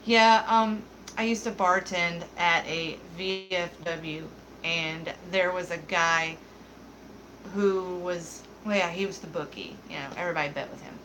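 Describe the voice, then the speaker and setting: A woman's voice: lowish voice, fairly even intonation, unhurried, background noise. A young adult woman hosting a beauty livestream, chatting casually with viewers in a giggly, candid, joking way. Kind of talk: casual livestream chat, reading viewer comments.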